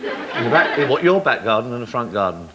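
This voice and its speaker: Teasing male TV host, loud audience. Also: mid-range voice, big pitch swings, brisk, over a noisy crowd. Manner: teasing, playful. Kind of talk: comic interview with a child. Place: TV studio with audience. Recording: loud studio audience and noise.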